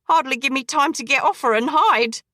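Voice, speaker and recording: A woman voicing a menacing crippled male dressmaker who killed women, speaking slowly in a coarse dialect. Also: high voice, pushed and bright, dry recording, clean studio sound. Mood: brooding confession. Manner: slow, brooding, coarse dialect.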